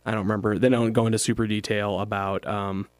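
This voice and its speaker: A man's voice: fairly low pitch, flat delivery, quick pace, clean tone, no echo. A young man co-hosting a casual chat, explaining things at length with hesitations. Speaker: podcast co-host.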